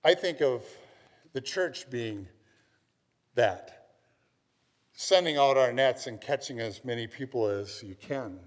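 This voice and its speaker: A man's voice: medium pitch, slow, long pauses. A man from Minnesota preaching a sermon, telling stories in a conversational way and often checking in with "right?". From Minnesota, USA. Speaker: pastor. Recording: long hall reverb.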